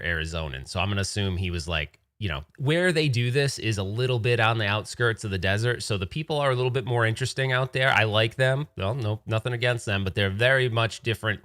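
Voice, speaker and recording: A man's voice: fairly low pitch, fast, bright, forceful tone. A man from Rhode Island hosting a casual livestream chat, telling rambling, digressive stories. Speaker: host.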